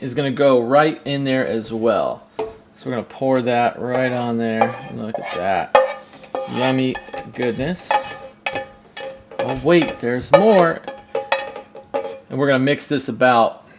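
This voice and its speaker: A man's voice: medium pitch, a little hiss or hum. Joking man running a home cooking video. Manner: jokey, talks straight to viewers. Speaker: home cook. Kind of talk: casual cooking demonstration.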